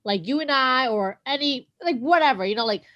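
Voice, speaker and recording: A woman's voice: sits high, lively intonation, fairly quick, fairly bright tone, muffled recording. A woman co-hosting a podcast, chatting in an enthusiastic, talkative way. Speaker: podcast co-host. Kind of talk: casual chat.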